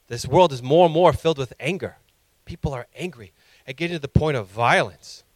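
A man's voice: fairly high pitch, fairly quick, no echo. A male pastor preaching a sermon with impassioned emphasis that rises to emphatic peaks.

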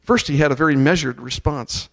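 Guy preaching a sermon, kinda high voice, gets loud and fired up, has the crowd chant back. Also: a little fast, vocal fry. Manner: animated, rising to loud ringing peaks on scripture and praise; leads the congregation in call-and-response chants. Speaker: pastor.

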